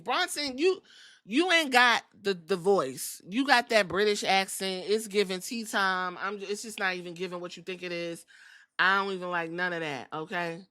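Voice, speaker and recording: A woman with a medium-pitched, sharp-toned voice hosts a podcast, recapping wrestling at a normal speed. She's sassy, profane and casual, and she acts out quotes.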